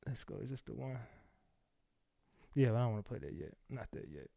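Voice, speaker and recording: A man hosting a casual livestream, talking loose slang with blunt profanity and getting loud when he talks back at clips. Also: medium pitch, lively intonation, a little fast, creaky, no room sound. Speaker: livestream host. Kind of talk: casual live commentary.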